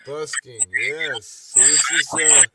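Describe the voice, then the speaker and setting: A man hosting a casual live stream, rambling and halting, with many fillers and throat-clearing pauses. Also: on the high side, fairly even intonation, a loud crowd. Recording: distant mic, loud background noise.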